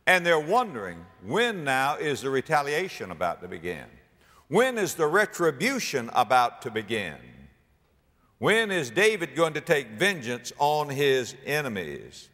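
A man preaching a sermon, dramatic and animated, acting out biblical speakers and rising to near-shouts. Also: mid-range voice, measured pace, in a large hall.

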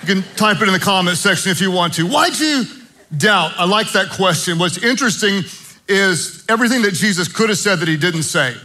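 A man preaching a sermon as pastor, earnest, moving between hushed prayer and animated storytelling. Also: high voice, brisk, low-quality recording.

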